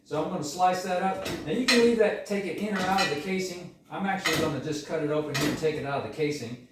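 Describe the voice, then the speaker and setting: A man's voice: high voice, quick pace. A man chatting in a folksy way as he walks through cooking a dish step by step in his kitchen. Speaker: home cook. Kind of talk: casual cooking demonstration. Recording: echoey room, mic far off, cooking noise.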